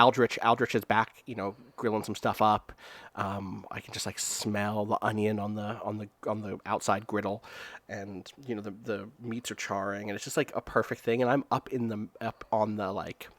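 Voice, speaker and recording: A man's voice: lowish voice, no room sound. Rambling man at a tabletop game. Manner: rambling, many fillers and restarts. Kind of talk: casual chat, describing a character's scene.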